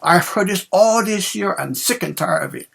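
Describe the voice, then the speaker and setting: A man's voice: high voice, lively intonation, normal speed, gravelly, a bit bright, slightly rough, pitched above the performer's own voice, heavily acted. A man voicing a surly, fed-up male chauffeur with a put-on Southern American drawl.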